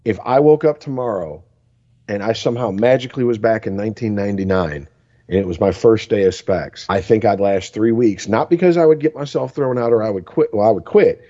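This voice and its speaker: A man's voice: on the low side, brisk, mellow. Profane, rambling podcast man. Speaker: podcast co-host. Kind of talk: casual chat. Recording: dull lo-fi recording.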